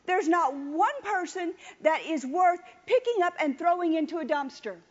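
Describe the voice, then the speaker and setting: A woman's voice: very high voice, expressive, moderate pace. A woman preaching a sermon with emphatic repetition, calling on the congregation to answer. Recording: dull lo-fi recording.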